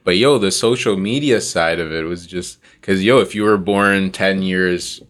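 Very deep-voiced man interviewer. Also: normal speed, fairly bright tone. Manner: short reactions, calls the guest bro. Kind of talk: casual interview chat.

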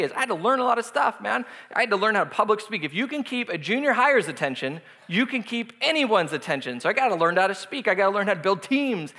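A man with a high, bright voice delivers a sermon in a loose, conversational storytelling manner. He jokes and laughs with the room as he goes. The sound carries a long hall reverb. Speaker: pastor.

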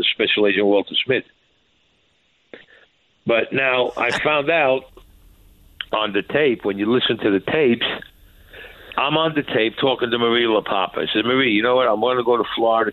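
A man's voice: medium pitch, dry recording. A man telling a courtroom story, bluntly and profanely, acting out what each person said. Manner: acts out quotes, blunt and profane. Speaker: former mob enforcer guest. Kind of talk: animated storytelling. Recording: dry tinny phone-like line.

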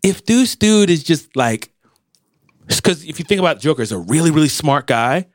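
Animated man on a podcast, dry sound. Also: a little high, normal speed, no echo. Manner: animated, acts out quotes in put-on voices. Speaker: podcast co-host. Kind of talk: casual podcast chat.

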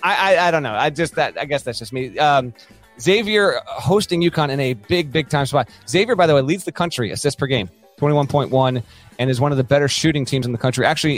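A man co-hosting a casual sports podcast, talking in animated bursts with quick asides and laughter. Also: mid-range voice. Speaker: podcast co-host.

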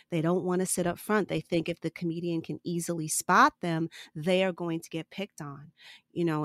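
A woman stand-up comedian, a guest on a podcast, telling stories in an animated way and laughing often. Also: low voice, dry recording, studio quality. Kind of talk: conversational podcast interview.

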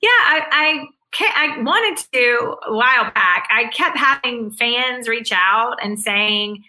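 A woman's voice: a little high, lively intonation, slow pace, bright, forceful tone, rough recording. A woman speaking as an interview guest, answering in an earnest, upbeat way with frequent restarts.

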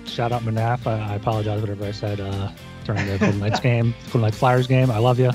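A man's voice: fairly low pitch, fairly even intonation, fast, music in the background. A man co-hosting a hockey betting podcast, easygoing and upbeat in casual chat. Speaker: podcast co-host.

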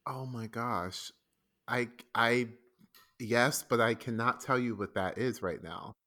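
A man talks as an interview guest in an eager, rambling way, stumbling over his words and restarting his sentences. His pitch sits in the middle range for a man. He keeps up loose, casual chat. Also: slow pace, bright, forceful tone. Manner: enthusiastic, rambling with many restarts and laughs. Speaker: guest, stage actor.

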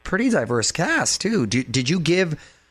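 Middle-aged male radio host, friendly and brisk, dry studio sound. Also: a little high, big pitch swings, a bit bright, husky, dry recording. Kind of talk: radio interview. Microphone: studio microphone.

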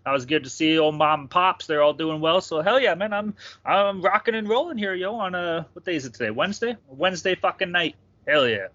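A young man rattles along fast in a bright, slightly high voice, swearing freely as he banters on a sports podcast. The recording is dry and a little dull and lo-fi, like a home mic. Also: no room sound. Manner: profane, rowdy banter. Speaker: podcast co-host. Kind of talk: casual podcast chat.

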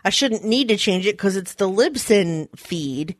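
A woman podcast co-host in quick, joking banter with her partner. Her voice sits mid-range and sounds dry and close. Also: medium pitch, animated, no echo. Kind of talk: casual chat.

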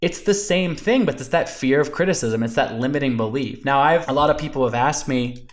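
A man speaking as a guest on a podcast, his voice sitting in an ordinary middle pitch. He tells stories from his own life in an earnest, animated, conversational way. He often fills his sentences with "you know" and "like.". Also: a little fast. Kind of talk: conversational storytelling interview.

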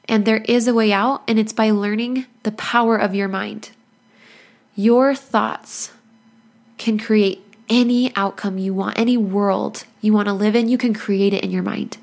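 A woman's voice: medium pitch, fairly even intonation, normal speed, gravelly, a little mellow. A woman hosting a motivational podcast as a life coach, talking in an earnest, encouraging way with playful asides and frequent laughs.

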